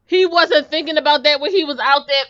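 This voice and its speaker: Sassy podcast woman, bright voice, kinda lo-fi mic. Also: high-pitched, a little fast. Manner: sassy, exclaiming, mock-outraged. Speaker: podcast co-host. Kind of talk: casual podcast chat. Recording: slightly dull lo-fi sound with faint noise.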